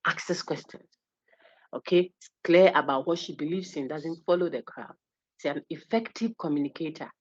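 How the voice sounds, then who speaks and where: A woman giving a university lecture, animated and teasing, acting out little quotes as she goes. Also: sits low, moderate pace. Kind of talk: lively classroom lecture. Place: lecture hall. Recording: husky, dull lo-fi lecture recording.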